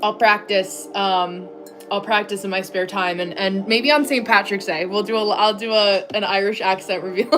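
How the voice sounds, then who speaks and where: A woman's voice: medium pitch, a bit bright. Woman from America, live-stream host, casual chatter, frequent laughs, reads viewer comments, home desk. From United States. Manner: chatty, many "like" fillers, laughs often. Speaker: livestream host. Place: home office at her desk.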